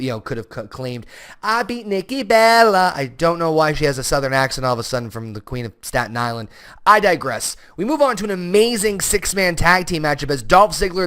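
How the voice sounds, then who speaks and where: Animated man reviewing wrestling. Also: on the high side. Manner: animated, frequent restarts and asides. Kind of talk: casual solo review vlog.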